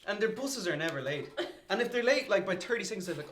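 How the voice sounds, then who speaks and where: A man's voice: high voice, big pitch swings, fast, a bit bright, slight background noise. A young adult Irish man chatting casually as a co-host of a livestream, playful and teasing, laughing often. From Ireland.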